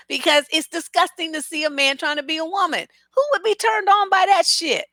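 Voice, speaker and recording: A woman's voice: very high-pitched, brisk, bright, forceful tone, no echo. A woman relationship coach giving blunt, profane, sarcastic commentary, reading out comments and answering them. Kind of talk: opinionated commentary.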